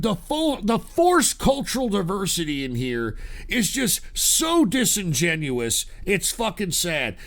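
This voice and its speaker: A man with a very high, bright voice and a gravelly edge, ranting at his stream chat. His commentary is sarcastic and loaded with swearing, delivered straight into a desk microphone. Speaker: live streamer reacting to a video. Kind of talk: profane reaction commentary.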